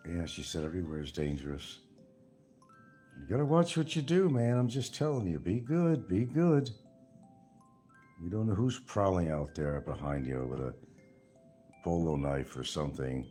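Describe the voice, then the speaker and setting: A man's voice: low-pitched, expressive, normal speed, pauses often, warm tone, soft background music. An older man hosting a casual livestream, rambling and sarcastic with frequent chuckles. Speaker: livestream host.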